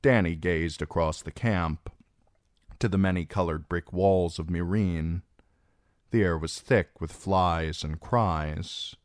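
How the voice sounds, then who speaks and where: A man narrating an audiobook in a measured, expressive way. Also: deep voice, dry recording, clean studio sound. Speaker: audiobook reader.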